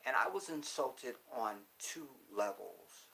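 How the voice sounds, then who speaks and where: An animated man delivers a casual monologue, driving his points home by repeating them. His voice sits at an ordinary middle pitch, and his pace swings between slow emphasis and quick asides. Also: gravelly, rough recording. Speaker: commentator.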